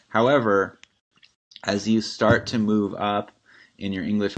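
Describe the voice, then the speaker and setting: Very deep-voiced casual male teacher. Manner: casual, conversational, wry, with frequent throat-clearing. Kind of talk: recorded lecture reviewing an essay.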